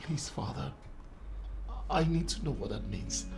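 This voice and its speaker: A man's voice: on the high side, expressive, unhurried, loud music behind the voice. An actor playing an elder prince who is indignant at his brother and pleads with his father for answers. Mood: pleading.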